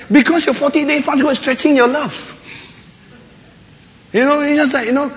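A man delivers a light-hearted sermon in a notably high voice, laughing often and slipping into little acted voices. His words ring out with the long reverb of a large hall. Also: normal speed. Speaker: preacher. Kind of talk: humorous sermon.

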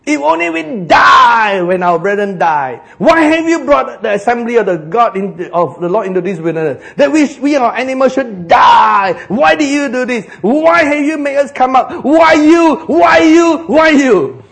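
A man voicing a grumbling crowd of thirsty wanderers who shout whiny complaints. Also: extremely high pitch, measured pace, creaky, voice pushed up, exaggerated voice. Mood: shouting accusations.

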